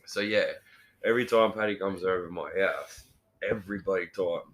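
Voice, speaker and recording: A man's voice: low-pitched, normal speed, fairly bright tone. A young man with an Australian accent, a podcast guest telling rambling crude stories and laughing. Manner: rambling storyteller, swears, laughs. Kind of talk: crude casual banter.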